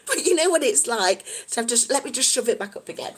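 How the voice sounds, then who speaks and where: A woman from the UK chatting casually on a live stream, reading out comments in a bubbly, giggly, excitable way. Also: a little high, a little fast, slightly rough. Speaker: vlogger reading live chat.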